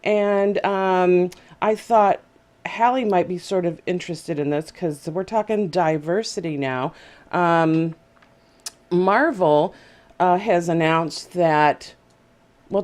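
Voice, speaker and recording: A woman's voice: lowish voice, lively intonation, slow pace, a little mellow. A woman hosting a casual video chat show, talking in a chatty, hesitant way with many fillers. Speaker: host.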